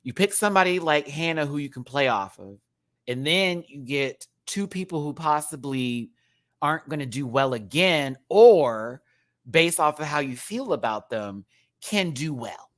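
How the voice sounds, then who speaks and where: Sassy, animated man ranting. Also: a little high, measured pace. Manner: sassy, animated, drops into mock voices; laughs often. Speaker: show reviewer. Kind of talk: casual rant-style review.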